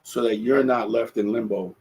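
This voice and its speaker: A man's voice: fairly low pitch, fairly even intonation, moderate pace, a little mellow, rough recording. A man hosting a solo podcast, talking earnestly and reflectively, often restarting his phrases. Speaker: podcast host.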